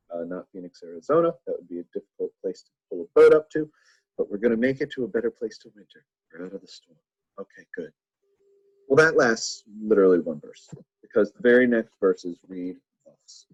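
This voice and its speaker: A man's voice: on the low side, lively intonation, a little fast, darkish tone, slightly rough, no echo, dull audio. A man teaching a church Bible lesson in a playful way, full of jokey asides to his listeners.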